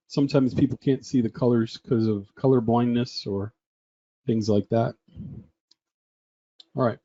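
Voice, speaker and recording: A man's voice: mid-range voice, dark tone, lo-fi sound. A man presenting a trading webinar in a chatty way, often asking the audience questions.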